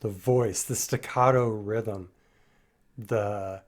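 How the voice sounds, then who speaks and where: A man's voice: fairly low pitch, fairly even intonation, very slow. A man hosting a music reaction, talking in casual commentary and restarting and repeating words as he muses. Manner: musing, restarts and repeats words while analyzing.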